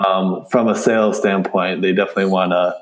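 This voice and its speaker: A lowish male voice on a casual betting podcast, hesitant and thinking out loud with fillers. He sounds relaxed. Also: fairly quick, echoey room, low-quality recording. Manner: hesitant, many fillers and restarts. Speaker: podcast co-host. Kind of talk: casual chat about sports betting.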